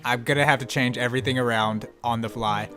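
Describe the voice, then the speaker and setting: A man's voice: medium pitch, steady tone, fast talker, sharp tone, faint music behind. A man co-hosting a gameplay video, chatting casually, laughing often and swearing freely. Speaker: let's play co-host.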